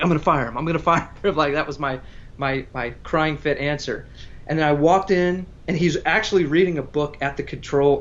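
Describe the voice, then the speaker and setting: A man's voice: on the high side, lo-fi sound. A man chatting casually as a guest musician, telling a story in a rambling, self-interrupting way. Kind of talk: casual livestream chat between songs.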